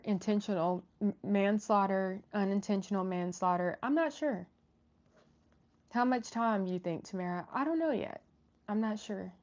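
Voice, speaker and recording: Woman chatting on a livestream, reading off chat, lots of ums, kinda muffled sound. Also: medium pitch. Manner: chatty, many fillers and restarts. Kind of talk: casual live chat.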